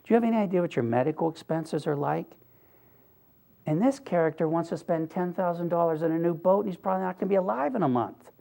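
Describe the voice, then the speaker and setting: A man's voice: a little high, fast, creaky, mellow. An older man giving an earnest, conversational talk, telling a personal story with wry asides. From Pennsylvania, US. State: briefly choked up. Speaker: speaker.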